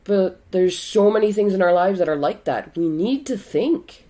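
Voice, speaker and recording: A woman's voice: mid-range voice, animated, normal speed, warm tone. A woman co-hosting a casual podcast chat, talking bluntly and frankly, with casual swearing. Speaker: podcast co-host.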